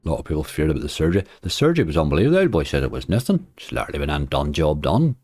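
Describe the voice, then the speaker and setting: Male streamer, very low voice, easygoing chat with viewers, soft slot music behind. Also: very animated, very fast, no room sound. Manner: chatty, answers viewers' chat comments. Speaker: slots streamer. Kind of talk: casual livestream chat.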